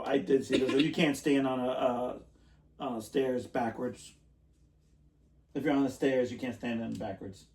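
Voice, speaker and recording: A man's voice: mid-range voice, a little mellow. A man co-hosting a podcast in casual chat, rambling and laughing often, trailing off mid-sentence. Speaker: podcast co-host. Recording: roomy, distant mic.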